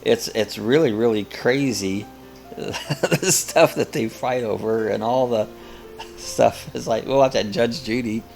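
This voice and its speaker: A man's voice: mid-range voice, unhurried, creaky, a little mellow, faint music behind. An older man hosting a casual live chat, rambling and chuckling as he reads viewer comments aloud. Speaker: host of a live coffee chat.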